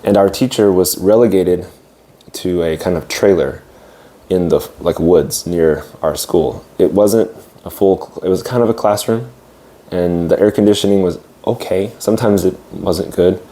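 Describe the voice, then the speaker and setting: A young man with a deep voice recounts his path to teaching in a relaxed, thoughtful monologue. His tone is warm and mellow, and he often pauses, hesitates and restarts his sentences. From United States. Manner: reflective, hesitant with fillers and restarts. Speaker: English teacher. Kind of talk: casual storytelling monologue.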